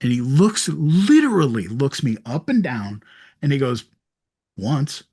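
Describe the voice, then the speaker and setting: A man's voice: medium pitch, sing-song, normal speed, a little mellow, slightly rough. A man chatting casually as a podcast guest, telling stories with frequent restarts and laughs. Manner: storytelling with laughs and many restarts. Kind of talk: casual chat.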